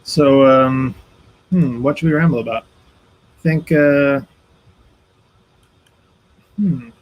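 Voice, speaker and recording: A man's voice: mid-range voice, slow pace, low-quality recording. Rambling man co-hosting a live chat. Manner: rambling, many ums and restarts. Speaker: co-host, behind-the-scenes guy.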